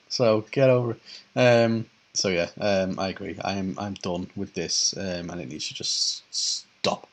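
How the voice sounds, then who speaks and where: A man's voice: low voice, fairly even intonation, unhurried. A man co-hosting a casual podcast, chatty and laughing as he recounts events. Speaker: podcast co-host.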